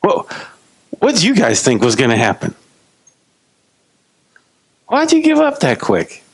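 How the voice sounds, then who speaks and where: A man preaching voices a calm, unhurried Jesus who asks pointed questions. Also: mid-range voice, husky, dry recording. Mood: questioning. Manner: relaxed, unhurried, lightly teasing. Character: calm unbothered Jesus, grown man, trusting.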